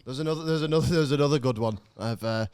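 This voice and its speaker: A man's voice: mid-range voice, racing, darkish tone, clean tone. A man co-hosting a podcast, telling a rambling anecdote full of restarts and swearing. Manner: rambling with fillers and restarts, swears, laughs mid-sentence. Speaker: podcast co-host.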